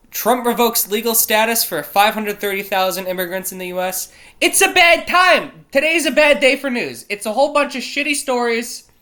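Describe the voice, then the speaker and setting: A man's voice: high voice, pushed and bright. A man hosting a casual solo show, reading out news quiz questions and reacting with frequent swearing and exasperation, stumbling over place names. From not British. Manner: profane, exasperated, self-interrupting. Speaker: show host.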